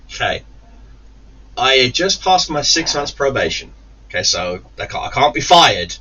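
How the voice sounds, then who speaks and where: A man recounts an old workplace brawl with plenty of swearing, his pitch leaping up and down as he acts out each moment. His tone is bright and forceful. He sits a little back from the mic, and the sound is slightly dull and lo-fi. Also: moderate pace, far from the mic, a little hiss or hum. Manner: profane, animated anecdote-telling with acted-out quotes. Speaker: gaming YouTuber. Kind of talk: casual storytelling to camera.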